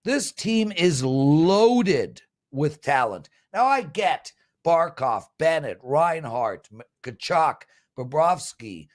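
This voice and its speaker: A man in his fifties hosting a sports betting show, pitching promo codes and boasting about his winning picks. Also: sing-song, slow pace. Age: 50s. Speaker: host and sports handicapper.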